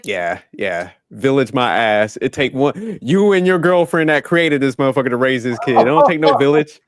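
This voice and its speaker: A man's voice: mid-range voice, lively intonation, moderate pace, dry recording. A man, chatting bluntly and profanely on a podcast and laughing at his own remarks. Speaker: podcast host. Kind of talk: casual chat.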